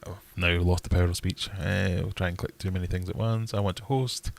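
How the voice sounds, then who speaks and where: A Scottish man with a notably low, deep voice hosts a relaxed livestream. He rambles between topics and rants about them in a joking way. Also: brisk, gravelly. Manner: rambling, jokey ranting. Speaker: livestream host. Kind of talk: casual livestream chat.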